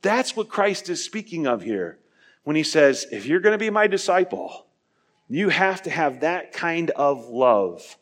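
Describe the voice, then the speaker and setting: A man preaching a sermon, earnest, asking his listeners questions and building to emphatic peaks before dropping quiet. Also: on the high side, very animated, measured pace. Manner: asks the listeners direct questions. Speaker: pastor.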